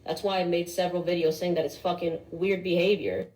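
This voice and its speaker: A woman's voice: fairly low pitch, fairly even intonation, a little fast, darkish tone, echoey room, rough recording. A woman giving a blunt, exasperated social media rant and swearing freely. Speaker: social media video creator.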